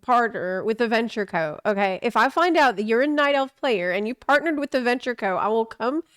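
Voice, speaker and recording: Playful high-voiced woman streamer. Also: animated, a little fast, smooth, no room sound, clean studio sound. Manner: joking, playful, interrupts the video often. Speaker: streamer reacting to a preview video. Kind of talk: casual reaction commentary.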